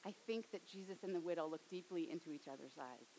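A young adult woman preaching a sermon, dropping to a soft, hushed tone for storytelling and rising to emphatic appeals. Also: on the low side, fast talker, slight background noise, rough recording.

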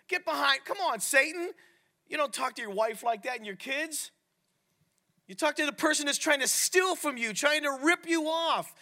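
High bright animated preacher man. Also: moderate pace. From Italian heritage. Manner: animated, asks the crowd questions. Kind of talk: sermon.

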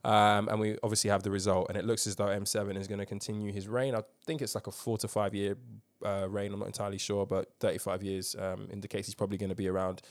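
A man's voice: lowish voice, flat delivery, quick pace, hardly any pauses. A man hosting a casual current-affairs podcast, telling a story emphatically with swearing and lots of ums. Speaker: podcast host.

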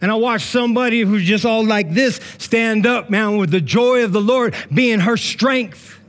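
A man preaching a sermon as pastor, emphatic and casual, with slang, stories and frequent "right?" and "man", swinging between loud calls and hushed, slow passages. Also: high voice. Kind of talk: sermon with storytelling. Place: church meeting in a school building.

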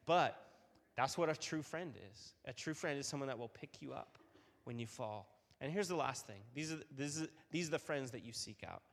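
A man's voice: medium pitch, moderate pace. Man preaching in a reverberant hall. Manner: animated storytelling, many fillers and repeated starts. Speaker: youth pastor. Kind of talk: youth sermon with personal story. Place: youth group room.

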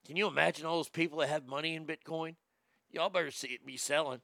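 A man's voice: a little high, fairly even intonation, quick pace, vocal fry, pushed and bright, dry recording. A man hosting a casual show, reading news headlines aloud with mock drama and swearing through joking reactions. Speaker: podcast host.

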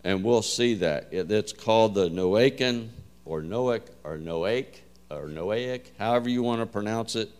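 Low-voiced man giving a folksy sermon. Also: clear, resonant tone. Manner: folksy, conversational storytelling with frequent fillers. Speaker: preacher teaching a Bible class.

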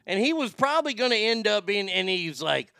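A man's voice: sits high, sing-song, a little fast, vocal fry, bright, forceful tone, smooth, no echo, studio quality. A man giving loose, rambling commentary on a clip, with sighs and the odd curse. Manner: rambling, sighing, swearing. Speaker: streamer reacting to clips. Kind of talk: casual commentary.

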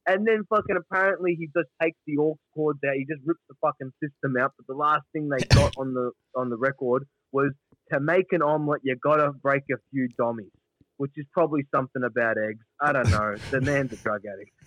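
A man's voice: medium pitch, fairly quick, hardly any pauses, fairly bright tone, dry recording, lo-fi sound. An Australian man co-hosting a podcast, rambling through a crude story with lots of swearing and filler. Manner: rambling, profane, acts out voices in retelling. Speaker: podcast co-host. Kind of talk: crude casual banter.

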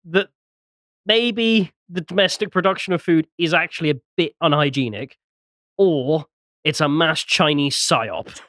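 A man's voice: fairly high pitch, unhurried, pushed and bright, no room sound, studio quality. A man hosting a casual podcast chat, laughing often and reading posts aloud. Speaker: podcast host.

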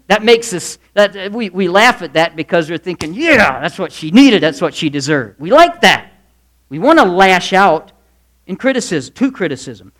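A male pastor giving a Wednesday night sermon in a folksy manner, mixing stories, jokes and asides. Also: high-pitched. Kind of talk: midweek church sermon.

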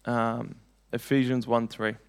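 A man's voice: medium pitch, flat delivery, takes it slowly, creaky, clean tone. A young man preaching a sermon, telling personal stories in an earnest, conversational way.

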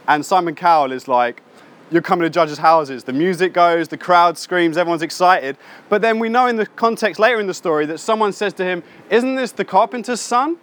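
A male preacher gives a relaxed, conversational sermon. He keeps it lively by acting out the people in his stories and dropping slangy asides. His voice sits slightly high for a man. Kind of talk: casual sermon.

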